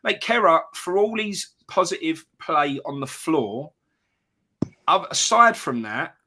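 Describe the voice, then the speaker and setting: A man talking through a football result in a bright, forceful voice pitched a little high. He drives his points home, calling his friend mate and asking rhetorical questions as he goes. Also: sing-song, slow pace. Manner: emphatic, keeps saying mate and asks rhetorical questions. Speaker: football fan pundit. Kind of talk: post-match reaction chat.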